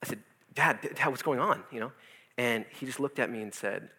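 Young guy rattling off a personal story real quick, bright voice, acts out the voices. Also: medium pitch, breathy edge. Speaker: youth pastor. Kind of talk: personal testimony. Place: his office.

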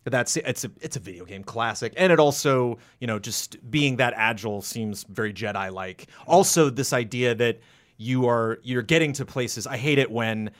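A man in casual podcast chat, rambling and animated, acting out quotes with sudden jumps into a high voice. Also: moderate pace. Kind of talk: casual podcast chat about video games.

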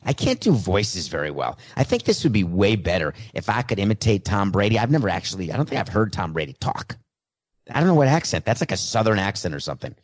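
A man's voice: fairly low pitch, very animated, fast. A man doing a comedic sports monologue, talking in casual, self-mocking asides. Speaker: sports commentator.

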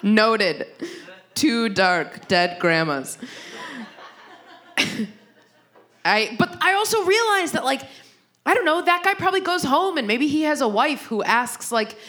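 A young woman performing a stand-up comedy set, rambling and self-deprecating, with frequent restarts and quick asides. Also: high voice, sing-song, a bit bright.

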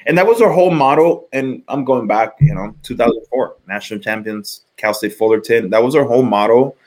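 A middle-aged man, a former pitcher, chatting casually on a podcast, rambling with many restarts and fillers. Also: a little fast, darkish tone. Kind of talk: casual sports chat.

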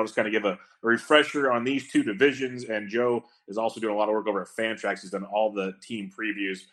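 Male podcast host, lowish voice, easygoing and quick, chatty. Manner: relaxed, quick, rambling talk. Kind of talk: casual chat.

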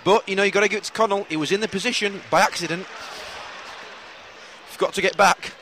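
A man co-hosting a casual football podcast, teasing and quick with banter. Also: high-pitched, a bit bright, slight background noise. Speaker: podcast co-host. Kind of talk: casual chat.

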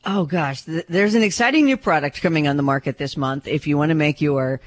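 A woman's voice: low voice, brisk, no room sound. A woman co-hosting a pet radio show in a playful, teasing way. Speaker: radio co-host. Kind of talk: casual radio talk.

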